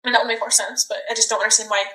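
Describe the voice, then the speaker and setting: A young woman in her twenties recounting events in a recorded police interview, talking in halting, rambling bursts full of "like". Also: fairly high pitch, flat delivery, sharp tone. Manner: halting, rambling, heavy use of "like". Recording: roomy echoey room.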